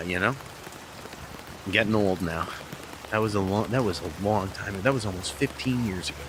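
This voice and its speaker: A man's voice: on the low side, animated, a little slow, noisy background. A middle-aged man rambling casually about a beer in a vlog, with hesitant restarts, recorded outdoors. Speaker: beer review vlogger. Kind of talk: casual chat. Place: outdoors in heavy rain. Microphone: small mic on camera, outdoors. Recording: outdoor recording with loud rain. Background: rain pouring down.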